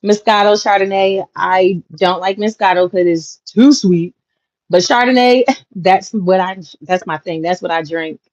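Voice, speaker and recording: A woman hosts a livestream from home, casually chatting and reading out viewer comments, laughing a lot and addressing her audience directly. Her voice is mid-range, darkish and a little slow. The audio is dull, lo-fi and dry, with no echo.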